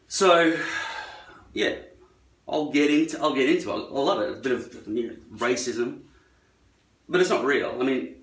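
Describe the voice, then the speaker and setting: A man's voice: medium pitch, fairly bright tone. An Australian man talking in a rambling, profane and sarcastic monologue. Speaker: vlogger. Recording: echoey room, far from mic.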